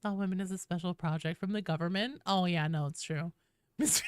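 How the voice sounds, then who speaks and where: A woman's voice: on the low side, fairly quick, clear, resonant tone, no echo, clean studio sound. A young woman streaming a game, chatting casually with viewers in a forward, nasal voice and reading chat aloud.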